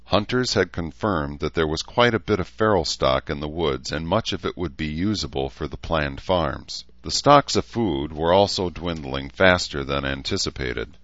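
Deep guy narrating an audiobook, steady, kinda muffled dry audio. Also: moderate pace, hardly any pauses, no room sound. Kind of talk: scripted narration.

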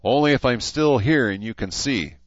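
A man's voice: mid-range voice, moderate pace, no echo, voice pushed up, lightly acted. A man doing a wry easygoing young recruit leader. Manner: dry, joking. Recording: dull lo-fi dry audio.

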